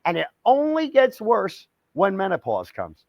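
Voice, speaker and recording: A man's voice: high voice, wildly swooping pitch, measured pace, gravelly, a little mellow, no echo. An older man co-hosting a casual podcast chat, rambling and swearing constantly, often laughing. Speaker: podcast co-host.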